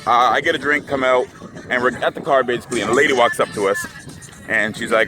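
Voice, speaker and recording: A man's voice: mid-range voice, fairly even intonation, quick pace, background noise. A young man telling a story to camera in a casual, rambling way, full of filler words. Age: young adult. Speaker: vlogger.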